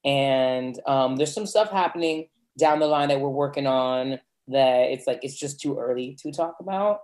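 Male podcast guest, playful and camp, mid-pitched, casual chat. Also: normal speed, a little mellow.

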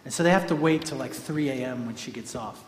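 A man preaching a sermon, telling a story in a lively conversational way to a congregation in a large hall. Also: medium pitch, fast talker, slight background noise. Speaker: pastor. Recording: echoey hall, faint ambience.

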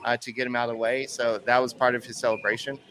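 A man's voice: medium pitch, flat delivery, fast, fairly bright tone, a little hiss or hum. A man co-hosting a sports podcast, recapping a game in an easygoing, rambling way. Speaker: podcast co-host. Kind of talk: casual sports chat.

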